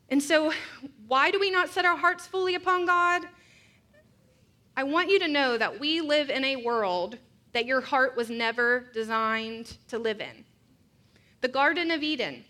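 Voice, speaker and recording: Bright-voiced woman preaching a sermon. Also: high-pitched. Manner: personal storytelling, earnest and reflective.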